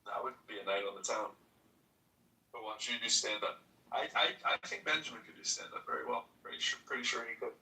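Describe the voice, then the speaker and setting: A man hosting a casual chat, who talks haltingly and repeats his words. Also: medium pitch, bright, forceful tone. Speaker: room host. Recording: echoey, from a distance.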